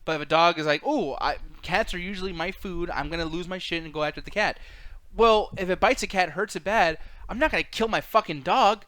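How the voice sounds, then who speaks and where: A man's voice: sits high, a little fast, a bit bright, dry recording. A man co-hosting a casual movie review chat, playfully combative and swearing. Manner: playfully combative, laughs often. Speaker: co-host.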